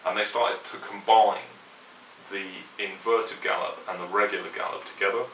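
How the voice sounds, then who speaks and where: A man giving a metal guitar lesson, explaining rhythms in a relaxed, opinionated way and counting along to the click. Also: on the low side, normal speed. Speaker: guitar teacher. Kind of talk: instructional explanation. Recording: roomy echo, mic at a distance, faint hiss.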